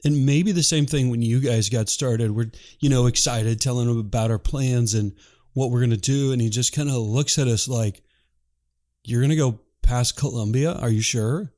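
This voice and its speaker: Casual guy hosting a podcast, kinda joking about himself, mid-pitch voice. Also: moderate pace, darkish tone. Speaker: podcast host. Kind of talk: casual interview chat.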